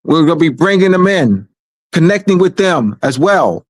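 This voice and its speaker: A man's voice: fairly high pitch, sing-song, moderate pace, no echo. Man talking emphatically, dry sound. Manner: emphatic, repeats phrases for stress. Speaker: guest speaker on a community livestream. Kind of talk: casual livestream talk.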